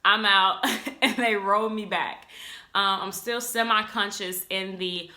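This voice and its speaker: A young woman talks to her camera at home like she's catching up with friends, chatty and animated. Her voice has a bright, forward edge, and she slips into little acted-out quotes as she goes. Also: medium pitch, a little slow. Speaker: vlogger. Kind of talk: casual storytelling to camera.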